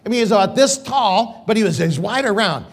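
Older preacher telling a personal story. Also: male voice, high-pitched, animated, brisk, creaky. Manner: emotional, rambling with restarts. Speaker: pastor. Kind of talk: storytelling sermon.

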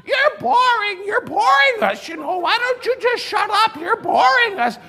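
A man doing a shrill, cranky old woman heckling. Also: expressive, measured pace, pushed and bright, heavily acted. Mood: scornful. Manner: rude, shrill, scolding. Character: cranky elderly woman rest home resident heckling.

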